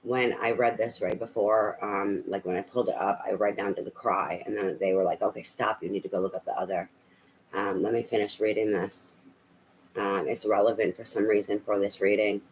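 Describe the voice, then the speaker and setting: A man's voice: fairly low pitch, steady tone, normal speed, a little hiss or hum, rough recording. A man giving a casual spoken tarot reading, rambling and hesitant with many fillers. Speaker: tarot reader.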